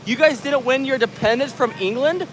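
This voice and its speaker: A man's voice: very high voice, a little fast, a bit bright, slight background noise. A man from the United States hosting a live stream, joking and laughing as he reads viewer comments aloud, recorded on a handheld camera outdoors. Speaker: livestream host reading chat. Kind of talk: casual live chat. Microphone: handheld camera mic.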